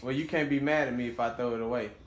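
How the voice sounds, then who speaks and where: A man's voice: mid-range voice, steady tone, quick pace. A man pranking his wife at home, teasing and laughing in a casual home video. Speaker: husband pulling a prank. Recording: echoey room.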